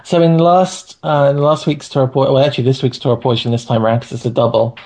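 A man's voice: mid-range voice, steady tone, fast talker, a little mellow. A man in a casual Bible study discussion, thinking aloud with restarts and reading verses from his computer. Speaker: co-host of a Bible study podcast.

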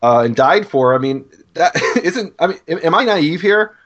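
A man's voice: on the high side, expressive, normal speed, fairly bright tone, dull audio. A Jewish teacher in a casual discussion, talking animatedly, laughing often and restarting his sentences.

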